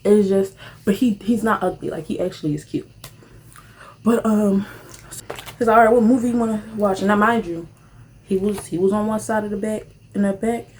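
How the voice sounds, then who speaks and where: A young woman, casually telling a rambling storytime while eating, animated and full of slang, jumping to high squeals when excited. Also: moderate pace, long pauses, slight background noise. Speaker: vlogger.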